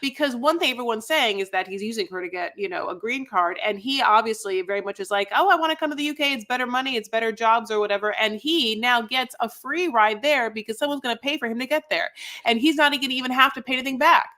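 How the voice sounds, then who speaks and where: A woman co-hosting a casual podcast, relaxed, retelling scenes and acting out the quotes. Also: a little high, fast talker. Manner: relaxed storyteller, acts out quotes, fillers like "you know". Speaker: podcast co-host. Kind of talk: casual chat.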